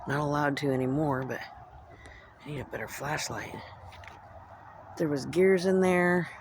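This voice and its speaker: A woman from Central California vlogging on a handheld phone outdoors at a train station after dark, musing aloud as she describes what she sees. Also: low voice, steady tone, a little slow, pauses often, slight background noise. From Central California, United States. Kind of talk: casual walking vlog, narrating what she sees.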